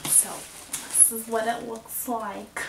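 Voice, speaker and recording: A woman beauty vlogger gushes her way through an unboxing in a slow, drawn-out voice, full of breathless exclamations. She sits some way back from the mic, so her voice sounds distant. Her voice echoes around the room over steady background noise. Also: on the high side, creaky. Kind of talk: excited unboxing vlog.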